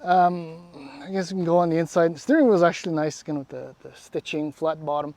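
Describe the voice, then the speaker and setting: Man in his forties, rambling wry car review, higher-pitched voice, dry close sound. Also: fairly even intonation, a little fast, a little mellow, no room sound. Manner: rambling, wry, self-deprecating, trails off. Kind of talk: casual car review walkaround. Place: outdoors beside a parked car.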